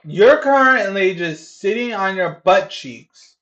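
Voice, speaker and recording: A man streaming live, reacting in a heated, profane rant that keeps bursting into shouting. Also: high-pitched, animated, slow pace, few pauses, lo-fi sound.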